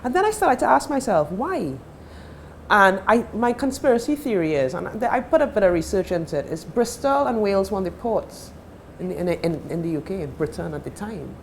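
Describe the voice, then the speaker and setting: A woman's voice: medium pitch, expressive, brisk, few pauses, a little hiss or hum. Woman, Trinidadian accent, chatty storyteller, studio talk-show guest. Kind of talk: casual chat.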